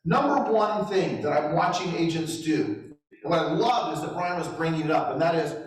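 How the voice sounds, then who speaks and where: Man, middle-aged, motivational trainer, animated storyteller, self-deprecating, very echoey hall, distant mic. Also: on the high side, moderate pace. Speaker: real estate trainer at a company summit.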